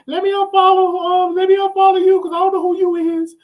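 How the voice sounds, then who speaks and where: A man hosting a casual live stream, excitable and chatty, breaking into shrieks and repeated exclamations as he talks to viewers. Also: extremely high pitch, fairly quick, narrow, tinny audio. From Texas. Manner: chatty, addresses viewers directly.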